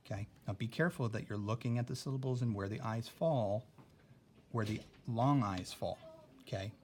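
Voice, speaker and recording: A man's voice: on the low side, normal speed, a little mellow, a little hiss or hum. A young man teaching a recorded spelling lesson, patient and careful, often checking in with "okay?".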